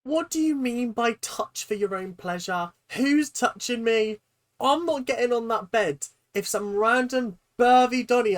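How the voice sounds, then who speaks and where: A reaction host riffing on a show with mock disbelief. The voice lurches from loud exclamations down to wry mutters and breaks into laughter often. Swearing comes casually in the banter. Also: mid-range voice. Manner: exaggerated, incredulous, swings from loud outbursts to mutters. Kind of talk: comedic reaction commentary.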